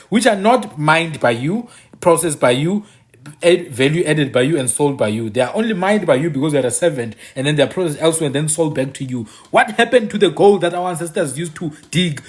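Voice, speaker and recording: A man giving an impassioned monologue, repeating his phrases for emphasis and dropping mocking asides. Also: on the high side. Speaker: commentator.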